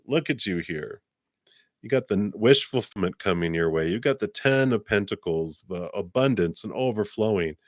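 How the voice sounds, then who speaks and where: Very deep-voiced man reading tarot cards. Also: animated, brisk, hardly any pauses, no echo, clean studio sound. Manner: chatty, laughs often, voices guides with sassy high "girl". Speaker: tarot card reader. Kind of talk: live-stream card reading.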